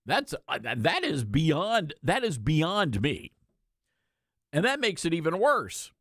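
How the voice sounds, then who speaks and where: A man hosting a political talk show, emphatic and sarcastic, in animated commentary. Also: a little high, slow pace, no room sound, clean studio sound. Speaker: radio talk show host.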